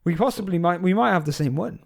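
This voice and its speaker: A man's voice: high-pitched, lively intonation, fast talker, creaky. A man co-hosting a podcast in casual chat, joking around and breaking into song. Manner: jokey, bursts into song. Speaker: podcast co-host. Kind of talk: casual chat with singing bits.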